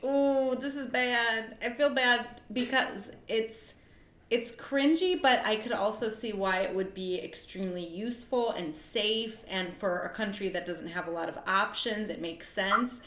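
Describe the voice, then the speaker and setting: A woman's voice: mid-range voice, a little slow, a bit bright. A young woman co-hosting a podcast, chatting casually and giggling as she rambles. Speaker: podcast co-host. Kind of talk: casual chat. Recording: echoey room.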